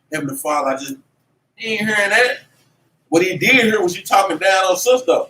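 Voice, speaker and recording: A man teaching a religious class in an animated, preachy way, with lots of slang and repeated "man". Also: sits high. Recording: echoey room, mic at a distance, faint noise.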